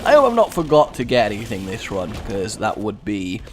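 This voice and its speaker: A young English man giving chatty, sarcastic let's-play commentary, rambling into asides and breaking into excited yelps. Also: on the low side, a little fast, slight background noise. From England. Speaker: gaming YouTuber.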